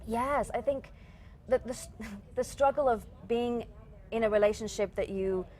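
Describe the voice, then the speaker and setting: Speaking at a moderate pace, this young Northern English woman has a fairly high pitch and a dark tone. A stage actress from England, she appears as a guest on a casual TV interview, frequently laughing and starting her sentences over.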